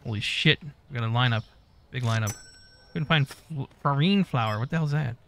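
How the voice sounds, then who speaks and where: Gravelly guy talking to himself while gaming, cussing a lot, faint hiss behind. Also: mid-range voice, normal speed, fairly bright tone. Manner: mutters to himself, swears often. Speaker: gaming YouTuber. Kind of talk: casual gameplay commentary.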